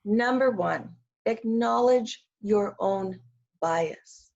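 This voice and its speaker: Canadian woman guest, gravelly and husky, earnest and deliberate; dull lo-fi call audio. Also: mid-range voice, a little mellow. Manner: earnest, measured, slows down for emphasis. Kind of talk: conversational interview.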